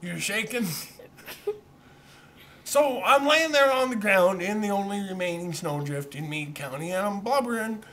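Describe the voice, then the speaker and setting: Man, rambling self-deprecating storyteller, talks to a handheld camera, slightly high voice, bright and forceful. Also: animated, unhurried, slight background noise. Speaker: vlogger telling a childhood story. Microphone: camera held by a friend.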